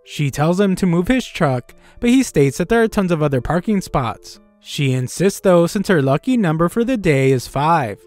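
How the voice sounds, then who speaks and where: A man narrating an anime recap in a steady, matter-of-fact scripted storytelling manner. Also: on the high side, normal speed, few pauses. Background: faint background music.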